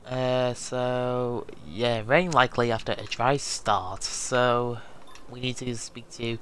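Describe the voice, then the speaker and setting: A man's voice: medium pitch, steady tone, slow, fairly bright tone, slight background noise. A man chatting casually as he commentates his racing gameplay, full of fillers and asides. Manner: rambling, filler-heavy chatter. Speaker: gaming video host.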